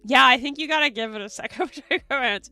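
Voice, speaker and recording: Faint music sits behind a young woman streamer whose high voice is pushed and bright, at normal speed with no room sound. Giggly, effusive and freely profane, she reads viewer messages in casual chat.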